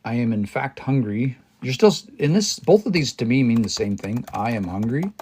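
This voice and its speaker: A man of middle pitch teaching a language on a livestream from his desk. He thinks aloud and breaks things down word by word. He often stops and restarts his sentences. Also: lively intonation, moderate pace, darkish tone, husky. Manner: hesitant, many restarts, explains word by word.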